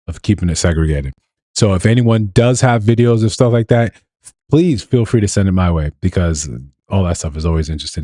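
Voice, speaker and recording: Deep and darkish in tone, this host's voice comes through echo-free at studio quality. He comments live on viral clips in a casual, laid-back way, laughing and posing rhetorical questions.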